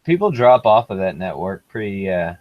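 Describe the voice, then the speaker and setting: Low-voiced man on dull dry call audio. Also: very animated, normal speed, no echo. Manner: hesitant, restarts, asks to repeat. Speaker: guest. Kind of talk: casual chat over an online call.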